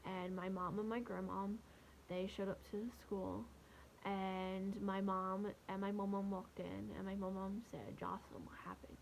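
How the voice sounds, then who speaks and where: A young woman telling a personal story to the camera, speaking softly and haltingly with many pauses. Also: mid-range voice, level tone, gravelly, slight background noise, low-quality recording. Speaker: vlogger.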